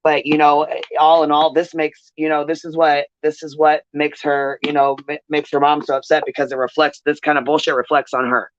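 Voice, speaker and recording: A man's voice: on the high side, flat delivery, brisk. A man hosting a commentary channel, venting in an angry rant with heavy swearing and repeated phrases. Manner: angry, profane, repetitive. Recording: dull lo-fi audio.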